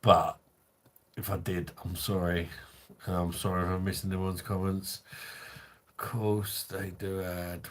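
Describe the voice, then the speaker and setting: Deep, slow drunk man. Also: flat delivery, slight background noise. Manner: crude, rambling, reads out chat comments. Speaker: livestream host. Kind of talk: drunken livestream chat.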